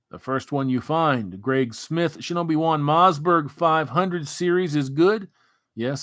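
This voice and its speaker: A man hosting a casual livestream, reading out viewer comments in a relaxed, rambling way before sliding into an earnest pep talk. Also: fairly high pitch, no echo, clean studio sound. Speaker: livestream host.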